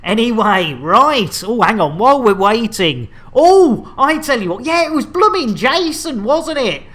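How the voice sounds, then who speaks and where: A man's voice: very high-pitched, sing-song, unhurried, fairly bright tone. A man casually bantering while streaming a game, rambling and joking with laughs. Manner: jokey, rambling, laughs a lot.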